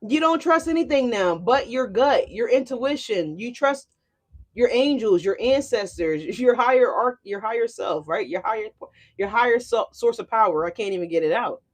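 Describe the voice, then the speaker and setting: A young adult woman doing a casual tarot reading, animated and profane, speaking straight to her viewers. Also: fairly high pitch, moderate pace. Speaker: tarot reader.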